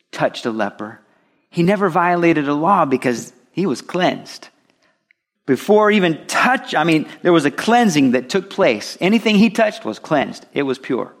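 A man preaching a sermon, swinging between emphatic loud stresses and soft drops. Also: on the high side.

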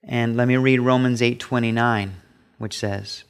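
A middle-aged man preaching a sermon as pastor, emphatic, rising high when he acts out voices. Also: steady tone, unhurried, clear, resonant tone. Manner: emphatic preaching, pitch rising sharply on quoted asides.

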